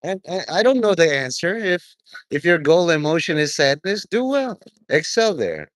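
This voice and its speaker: A man's voice: a little high, very animated, normal speed, no room sound. Rambling, profane man talking to camera. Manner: profane, stream-of-consciousness, drifting between topics. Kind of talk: rambling monologue to viewers.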